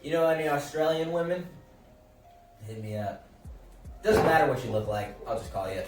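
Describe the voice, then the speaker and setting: A man's voice: on the high side, expressive, moderate pace, a little mellow, roomy sound, far from the mic, soft background music, rough recording. A man co-hosting a casual sports chat, laid-back and dryly joking. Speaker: co-host.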